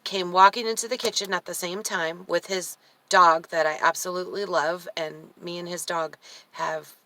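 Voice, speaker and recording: A woman's voice: fairly low pitch, steady tone, moderate pace, pushed and bright. A woman vlogging in a chatty, emotional, rambling way, her throat dry and her voice cracking in and out. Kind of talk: casual personal vlog.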